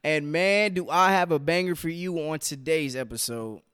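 A man's voice: fairly high pitch, moderate pace, a bit bright, smooth, dry recording, studio quality. Chatty young man hosting a podcast. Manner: chatty, fills with "man" and "you know". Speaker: podcast host. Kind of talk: casual solo podcast. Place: home kitchen.

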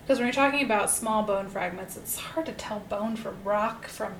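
A woman's voice: medium pitch, normal speed. A woman co-hosting a casual true-crime podcast, telling a case in an upbeat, chatty way with lots of fillers. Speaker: podcast co-host and storyteller. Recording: roomy echo with faint hiss.

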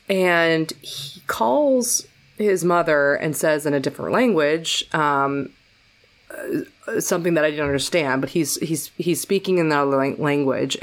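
A woman telling a painful personal story in a casual podcast chat, with many fillers and restarts. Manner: jumps to a much higher, more animated voice when quoting people.

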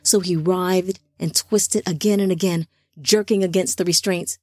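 Woman narrating a dark fantasy audiobook. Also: fairly low pitch, steady tone, normal speed, no echo, clean studio sound. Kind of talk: scripted narration.

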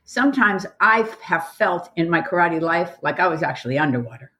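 A woman who teaches karate, hosting a casual group conversation on a podcast, enthusiastic and quick to laugh. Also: fairly low pitch, expressive, fairly bright tone. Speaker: karate instructor and podcast host.

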